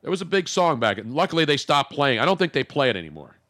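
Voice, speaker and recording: A radio show host from the Philadelphia area chats in a loose, rambling way. He jokes often and restarts his sentences, and his pitch swings widely. His voice sounds dry and close on the studio mic. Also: sing-song, fast, sharp tone, no room sound. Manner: rambling, joking, self-interrupting. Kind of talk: casual radio banter.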